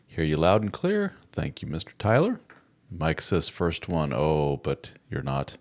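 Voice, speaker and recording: A middle-aged man with a deep, low-pitched voice hosts a casual live stream. His delivery is lively and full of swings in pitch. He is chatty and jokey as he greets viewers and reads out their comments. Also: unhurried, creaky. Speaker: host of a live chat show.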